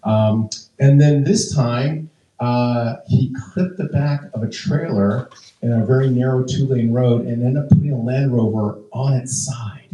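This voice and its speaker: A man's voice: medium pitch, mellow. A man in his fifties telling stand-up stories in a chatty, rambling way, full of fillers and restarts. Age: 50s. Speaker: stand-up comedian. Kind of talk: stand-up storytelling. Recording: echoey room, voice from a distance.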